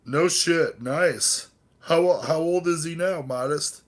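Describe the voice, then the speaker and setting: Speaking slowly in a fairly high pitch, a man hosts a laid-back live stream. He's had a few drinks and wanders from topic to topic, swearing as he talks to his audience and his cats.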